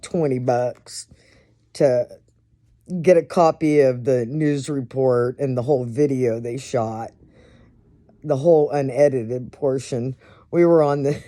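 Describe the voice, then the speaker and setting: A woman's voice: low voice, warm tone. A middle-aged woman telling stories in a casual monologue, laughing often and swearing freely. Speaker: host.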